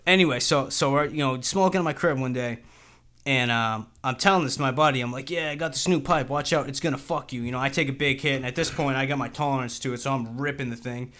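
A man's voice: mid-range voice, fast, bright, forceful tone. A young man telling a rambling, profane story in casual chat, peppering it with "dude".

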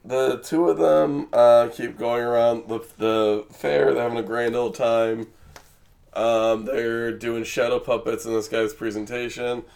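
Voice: medium pitch, fairly even intonation, a little slow, creaky, a little mellow. A podcast co-host with a mid-range voice recaps an episode in casual chat. The delivery is laid-back and hesitant.

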